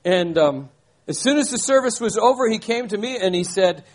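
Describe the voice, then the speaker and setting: A man's voice: high-pitched, expressive, normal speed. An older man preaching a sermon, emphatic, repeating key phrases and asking rhetorical questions. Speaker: pastor.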